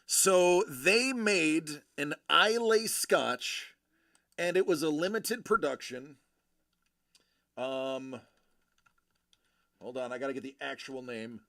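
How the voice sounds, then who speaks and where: A man's voice: on the high side, animated, slow, long pauses, sharp tone, no room sound, clean studio sound. A man in his forties from Buffalo, New York, hosting a live show and telling rambling stories with lots of fillers and restarts. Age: 40s. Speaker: host of a collectibles live show. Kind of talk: casual live-stream chat.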